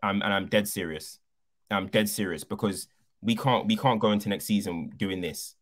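A man's voice: on the low side, moderate pace. A man co-hosting a football podcast, arguing passionately and repeating his points for emphasis.

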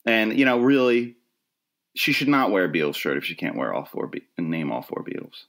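A man's voice: lowish voice, sing-song, fairly quick, a bit bright. A middle-aged man from the Philadelphia area, hosting his own podcast in a wry, rambling, self-deprecating monologue. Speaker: podcast host. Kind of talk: casual solo podcast monologue.

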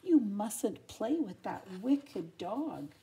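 A fierce, fussy old aunt, as an older woman reads her aloud, stern and bossy in a slow, deliberate way. The voice is soft and warm in tone despite the scolding. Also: mid-range voice, big pitch swings, creaky, full character voice. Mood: cooing. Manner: scolding, then cooing.

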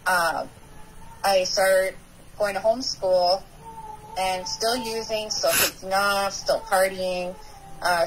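A woman guest on a recovery podcast, telling her personal story in a halting way, with many pauses and restarts. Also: on the low side, a little hiss or hum, low-quality recording.

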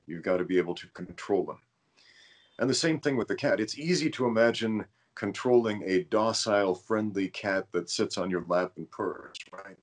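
A man hosting a podcast, telling a rambling story in casual conversation and stumbling over his words now and then. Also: sits low. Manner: rambling storyteller, self-aware about stuttering. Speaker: podcast host.

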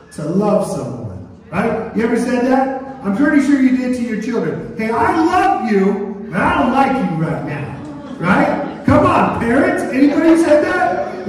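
Preacher in an echoey church hall. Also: male voice, very high-pitched, a little mellow, far from the mic. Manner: call-and-response preaching, asks the congregation to repeat phrases; sings a line playfully. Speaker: pastor. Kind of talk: sermon. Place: church sanctuary.

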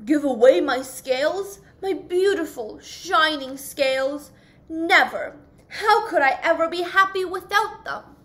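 Vain rainbow fish voiced by a woman, haughty and loud, slow, storybook read-aloud. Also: sits high. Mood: defiant. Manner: haughty and indignant.

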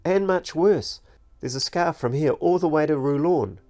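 A man's voice: fairly high pitch, moderate pace, a little mellow, pitched above the performer's own voice, close to an everyday voice. A man voicing a curious, earnest young boy who asks lots of questions, as a storybook narrator. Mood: eager. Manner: eager, questioning, a little cheeky.

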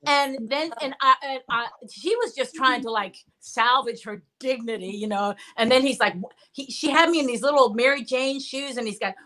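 A woman's voice: fairly high pitch, brisk, few pauses, fairly bright tone. A woman and former cast member telling vivid, emphatic stories in a reunion video call.

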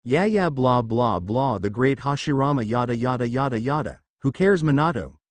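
A man's voice: mid-range voice, lively intonation, normal speed, no echo, natural voice. A man reading a fan fiction story, voicing a cruel, scornful woman ninja who sneers and growls.

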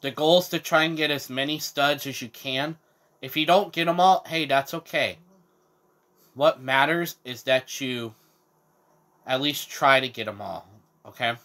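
A man's voice: mid-range voice, measured pace, a bit bright. A man narrates his gameplay in a casual walkthrough, talking straight to his viewers. He is chatty and keeps checking that they are following along. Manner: chatty, addresses viewers, frequent "okay?" checks. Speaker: gaming channel host. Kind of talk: casual game walkthrough commentary.

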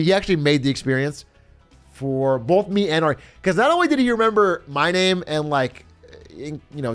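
A man streamer telling a story in casual chat, animated, laughing often and swearing freely. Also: sits high.

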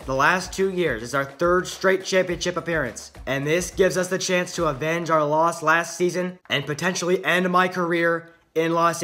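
A man's voice: on the high side, bright, forceful tone. A man casually commenting on his own football video game as he plays, chatty and upbeat. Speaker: gaming YouTuber.

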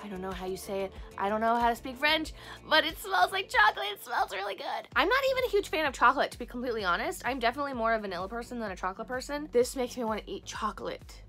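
A young woman hosting a casual unboxing vlog, gushing and excitable, gasping over each cute item. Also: fairly high pitch, fast, soft background music. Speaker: craft and squishy channel host.

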